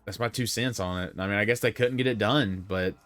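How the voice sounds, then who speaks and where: A man's voice: fairly low pitch, brisk, a bit bright, faint music behind. A young man rambling through casual opinions on video games, full of fillers and self-corrections. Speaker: gaming commentator.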